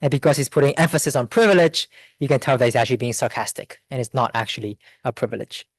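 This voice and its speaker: A man giving an academic seminar talk, explaining research results in a steady, methodical way with occasional fillers. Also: medium pitch, fast talker, no room sound, poor audio. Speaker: invited seminar speaker. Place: lecture room.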